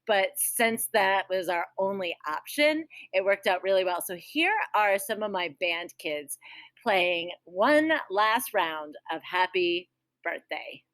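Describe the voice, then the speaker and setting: A woman's voice: medium pitch, expressive, slow, a bit bright, no room sound. Lady teacher doing morning announcements, jokey asides, dry close mic. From Rhode Island. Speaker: school band teacher.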